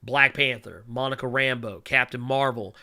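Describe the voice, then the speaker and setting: A man with a medium-pitched, sharp-toned voice speaks at a moderate pace while hosting a casual solo show. He rambles with lots of fillers, hums as he reads viewer chat, and gets blunt and profane when he rants.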